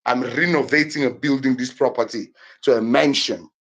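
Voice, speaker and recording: A man's voice: mid-range voice, moderate pace, fairly bright tone. A man from Angola, indignant and heated, giving a live-stream tour of his house while swearing and repeating himself. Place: walking through his house.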